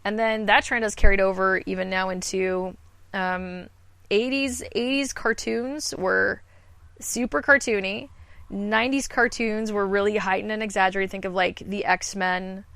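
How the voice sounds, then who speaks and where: A woman's voice: mid-range voice, fairly even intonation, a little slow, gravelly, fairly bright tone, clear, resonant tone, no room sound. A woman in her thirties, a voice actor guest, talking candidly and self-deprecatingly in a rambling podcast chat. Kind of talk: casual podcast conversation.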